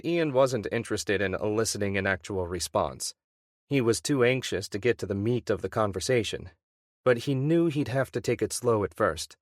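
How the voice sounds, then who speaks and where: Low-voiced man narrating, dry sound. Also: lively intonation, normal speed, no room sound. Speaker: audiobook narrator. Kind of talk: scripted narration.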